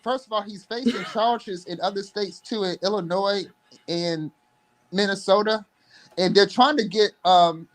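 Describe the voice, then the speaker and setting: A man's voice: sits high, steady tone, a little slow. Hesitant young man on a livestream. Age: young adult. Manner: hesitant, many fillers and restarts. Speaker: guest. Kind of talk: casual livestream chat.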